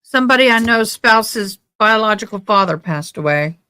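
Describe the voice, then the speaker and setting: A woman hosts a relaxed livestream about a trial, chatting and reading viewer comments aloud. Her medium-pitched voice is animated and sharp in tone, clean, and moves at a normal speed.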